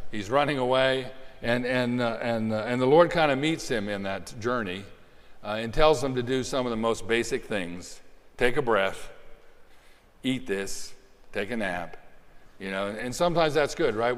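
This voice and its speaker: A man preaching a sermon in a conversational way, often restarting his phrases. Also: mid-range voice. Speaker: pastor. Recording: long hall reverb.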